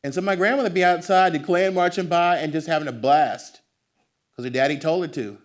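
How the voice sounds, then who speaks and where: Animated American man telling family stories. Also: on the high side, brisk. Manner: animated, acts out family voices. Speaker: author at a book talk. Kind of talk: storytelling talk to an audience. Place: bookstore event room.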